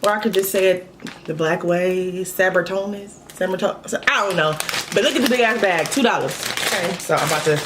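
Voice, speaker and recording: A woman's voice: lowish voice, a little fast, noisy background. A woman from Los Angeles chatting casually through a mukbang vlog at home, laid-back and swearing freely. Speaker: mukbang vlogger. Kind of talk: casual chat.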